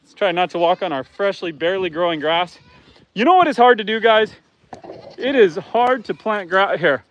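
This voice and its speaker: On a relaxed live stream from his farm, a man talks with viewers, reads their comments out, and calls to his animals outdoors. He has a high-pitched, expressive voice and keeps a moderate pace.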